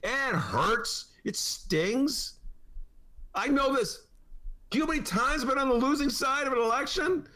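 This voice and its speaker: A man's voice: very high-pitched, expressive, normal speed, bright, forceful tone. A man hosting a political talk podcast in a studio, sarcastic and mocking in his banter. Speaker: podcast host. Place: radio studio.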